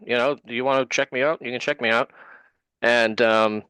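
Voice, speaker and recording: A man, speaking as an interview guest and telling a story at ordinary pitch. He acts out what others said as he goes, and the voice sounds dry and close. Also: brisk, pushed and bright, smooth, no echo. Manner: retells events with quoted dialogue.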